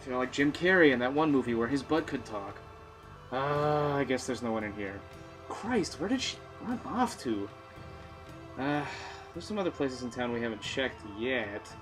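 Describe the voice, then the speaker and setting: A man's voice: mid-range voice, sing-song, moderate pace. Self-mocking man doing game commentary. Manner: sarcastic, self-mocking asides. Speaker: let's player. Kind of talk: casual gameplay commentary. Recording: faint game music behind.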